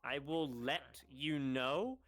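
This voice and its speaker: A man's voice: medium pitch, takes it slowly, fairly bright tone, no room sound, soft background music. A man organizing a role-play event, briefing the group in a loose, rambling way with lots of filler words over voice chat. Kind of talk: casual instructions to a group.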